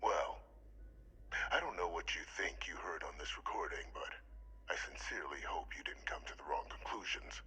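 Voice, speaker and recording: An actor playing a smooth, scheming male government official in a video game, polished and quietly persuasive. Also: low-pitched, lively intonation, normal speed, in a whisper, low-quality recording. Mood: evasive.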